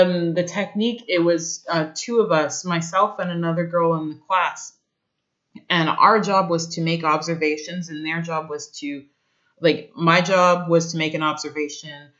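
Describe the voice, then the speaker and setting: A young woman vlogger telling a personal story in an earnest, reflective way, often pausing to search for words. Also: low voice. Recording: dull lo-fi sound.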